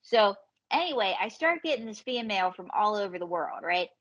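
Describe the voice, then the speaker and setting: A woman comedian and ventriloquist telling lively, swearing anecdotes as a podcast guest. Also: medium pitch, muffled recording. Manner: animated storyteller, swearing, quick quoted voices. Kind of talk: casual podcast storytelling.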